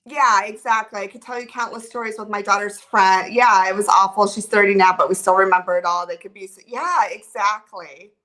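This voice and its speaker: Bright, flustered woman livestreamer. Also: medium pitch, fairly even intonation, a little fast, hardly any pauses. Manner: rambling, filler-heavy, flustered and emotional. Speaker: livestream host. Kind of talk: casual livestream chat, reading viewer comments.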